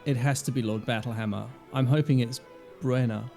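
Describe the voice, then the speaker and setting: A man's voice: mid-range voice, steady tone, fairly quick, gravelly, darkish tone, faint music behind, lightly acted. Man voicing Weiss, an eager young woman adventurer.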